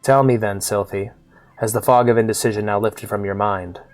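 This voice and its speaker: A man voicing a calm, wise elderly male guildmaster, speaking slowly and formally while reading game dialogue aloud. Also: lowish voice, soft background music, lightly acted. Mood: gentle, solemn. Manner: slow, formal, solemn speech.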